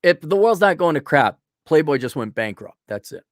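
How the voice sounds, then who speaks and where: A middle-aged man hosting a livestream, blunt and profane, keeps clearing his throat because his voice is going. His pitch is a touch high, and it jumps all over as he gets worked up. The sound is close and dry, with no room in it. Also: very animated, normal speed, no echo. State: losing his voice. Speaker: livestream host reading viewer donations. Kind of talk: blunt opinionated livestream rant.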